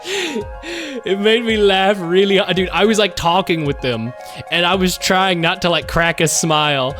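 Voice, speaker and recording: A man in his twenties giving casual livestream commentary while gaming, animated and rambling, quick to launch into a rant. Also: sits high, soft background music. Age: 20s. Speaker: streamer.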